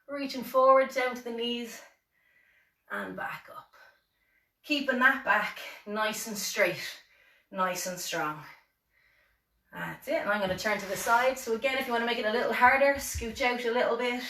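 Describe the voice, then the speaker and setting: Heard from a distance in an echoey room, an Irish-accented fitness instructor guides a seated exercise class, offering encouragement, counting reps, and gently making fun of herself. Her voice is fairly high and a bit bright.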